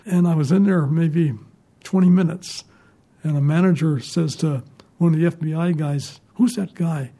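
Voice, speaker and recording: Older male ex-reporter, mellow and fairly high, chuckling raconteur. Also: steady tone, moderate pace. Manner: rambling, chuckling anecdotes. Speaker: retired newspaper reporter. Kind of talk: storytelling in an interview.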